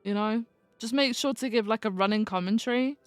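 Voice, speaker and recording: A woman's voice: on the high side, a little fast, no room sound, faint music behind. A woman in casual in-character role-play chat, teasing and laughing often, with trailing fillers. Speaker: police lieutenant role-player.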